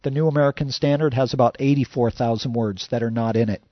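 A man's voice: mid-range voice, fairly even intonation, quick pace, dry recording, muffled recording. A man preaching a sermon as a pastor, conversational and full of "you know" fillers.

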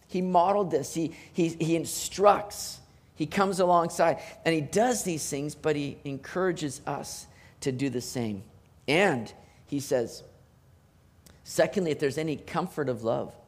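A man preaching a sermon as pastor, animated, with emphatic rising bursts and repeated words. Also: sits high.

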